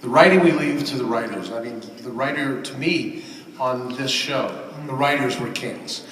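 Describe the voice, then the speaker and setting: A man answering a fan question on a convention panel as a voice actor, measured and earnest. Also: medium pitch, fairly bright tone. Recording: echoey hall from far off.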